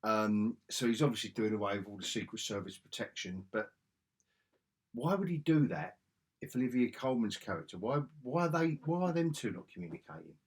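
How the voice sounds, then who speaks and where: A man's voice: fairly low pitch, big pitch swings, a little fast, breathy edge. A man giving a casual video review, ranting sarcastically and exasperatedly, with frequent restarts. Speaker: film reviewer.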